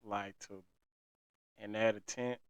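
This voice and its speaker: Low, flat-voiced man, quiet chat. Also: slow, clean tone, no room sound. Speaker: podcast co-host. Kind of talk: casual podcast chat.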